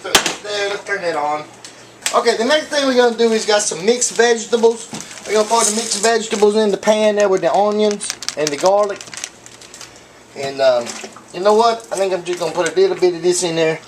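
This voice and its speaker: High-voiced joking man in echoey kitchen. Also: fairly quick, noisy background. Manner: rambling and jokey, with many fillers and asides. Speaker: cooking show host. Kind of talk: casual comedic cooking demo. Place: home kitchen. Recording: echoey kitchen, far from mic, clattering pans. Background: clinking dishes, pots and cutlery.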